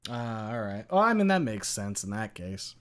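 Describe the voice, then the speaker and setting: A man's voice: lowish voice, big pitch swings, normal speed. A man hosting a casual video-game chat, talking thoughtfully and hesitantly with many filler words. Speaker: podcast host.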